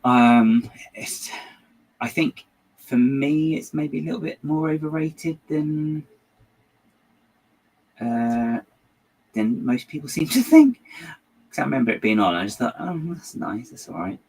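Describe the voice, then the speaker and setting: A man's voice: medium pitch, animated, takes it slowly, pauses often, darkish tone, low-quality recording. A man hosting a building channel, chatting casually and rambling as he works, often trailing off and muttering to himself. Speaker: LEGO building channel host. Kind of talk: casual chat while building.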